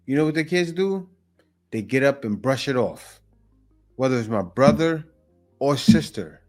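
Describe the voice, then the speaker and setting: A man hosting a reaction video, giving lively, mocking commentary on clips and repeating himself as he builds a point. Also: medium pitch, unhurried, faint music behind.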